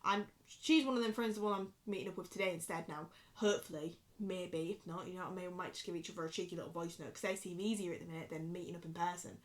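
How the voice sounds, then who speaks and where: A woman's voice: fairly low pitch, fast, few pauses. Chatty, sweary Yorkshire woman in her twenties. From Yorkshire, England. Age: 20s. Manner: rambling, sweary, chatty, animated. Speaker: vlogger. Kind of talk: casual talking-to-camera vlog.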